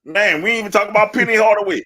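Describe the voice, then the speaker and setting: A man holds forth in loose, laughing sports banter and ribs people with gusto. His voice sits a little high and rings bright and forceful. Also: rapid-fire. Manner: animated, laughing, trash-talking. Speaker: podcast co-host.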